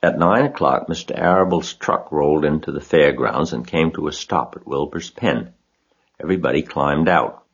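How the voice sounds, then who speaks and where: A man with a husky voice reading a children's story aloud as narrator. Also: very deep voice, normal speed, dull audio.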